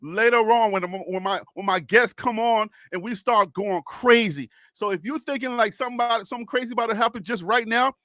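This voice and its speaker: A man hosting a live sports stream, excitable and teasing, calling out chat names in what he calls his radio voice. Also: high-pitched, fairly quick, few pauses, dry recording, studio quality. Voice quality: self-described radio voice.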